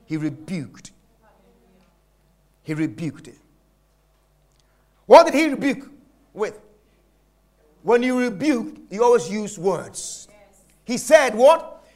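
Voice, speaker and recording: High-voiced, emphatic male preacher. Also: big pitch swings, slow, pauses often. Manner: emphatic, repeats phrases, swings between shouting and near-whispering. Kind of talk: sermon.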